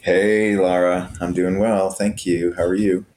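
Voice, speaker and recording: A middle-aged man, a podcast guest, telling a personal story in an animated, chuckling way. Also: sits low, unhurried. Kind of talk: conversational storytelling.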